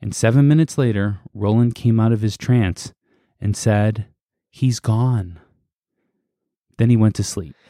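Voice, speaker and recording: A man's voice: lowish voice, normal speed, dark tone, no room sound, clean studio sound. A man co-hosting a podcast, casually recounting a story with fillers and laughs. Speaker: podcast co-host.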